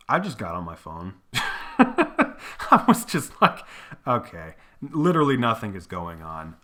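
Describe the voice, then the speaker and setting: A man's voice: mid-range voice, sharp tone. A young man hosting a casual movie review, rambling and swearing, laughing often between his complaints. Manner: profane, rambling, laughs often, breaks into exaggerated impressions. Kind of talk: casual solo movie rant.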